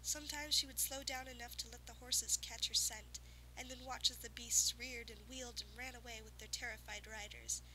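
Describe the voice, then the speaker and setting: Bright-voiced woman reading a fairy tale. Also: a little high, steady tone, a little hiss or hum, low-quality recording. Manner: soft, measured, lyrical, dipping into whispers. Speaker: audiobook reader. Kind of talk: storybook narration.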